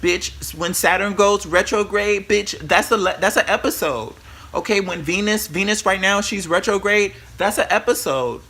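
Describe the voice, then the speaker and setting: A man, a spiritual worker, giving sassy, profane motivational talk to camera in a brash, animated way. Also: high voice, moderate pace. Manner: brash, animated, swears freely, calls the viewer bitch and girl; repeats and restarts words when excited.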